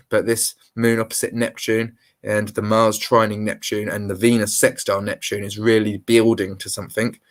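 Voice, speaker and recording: A man's voice: mid-range voice, a bit bright. A man, an astrologer, talking through a chart shown on screen in an unscripted astrology forecast. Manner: explains a chart on screen, fillers and restarts.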